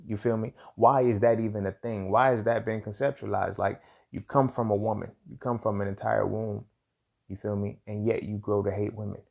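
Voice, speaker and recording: In a solo monologue, a low-voiced, gravelly podcast host thinks out loud in slang, with the recording's highs cut off. He keeps saying "you feel what I'm saying," circling back with repeated words and restarts.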